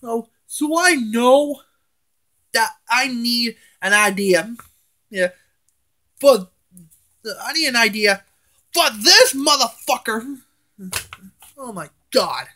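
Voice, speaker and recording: A man's voice: very high-pitched, lively intonation, slow, long pauses, sharp tone. A man ranting in a casual home vlog, angry and swearing, often stammering and restarting his words. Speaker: vlogger. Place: at home, indoors.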